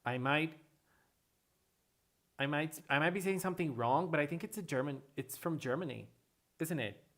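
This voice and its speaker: Excitable livestreamer who repeats themself. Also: mid-range voice, moderate pace. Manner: excitable, repeats phrases, gasps and laughs. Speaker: livestream host reading chat. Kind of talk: casual livestream chat.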